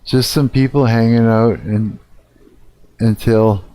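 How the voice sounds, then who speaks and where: A man's voice: mid-range voice, steady tone, slow, warm tone. A man live-streaming, reacting casually to a video, laughing often and swearing as he thinks aloud.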